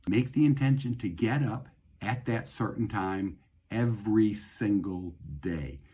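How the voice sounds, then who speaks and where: A man's voice: fairly low pitch, unhurried, mellow, husky. A middle-aged man hosting a casual talk on faith and health, speaking in a rambling, conversational way and repeating phrases for emphasis. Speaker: host and doctor.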